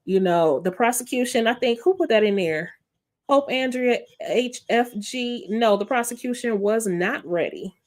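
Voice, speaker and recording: A woman hosting a live panel, recapping an episode in a chatty, animated storytelling way. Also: a little high, moderate pace. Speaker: panel host.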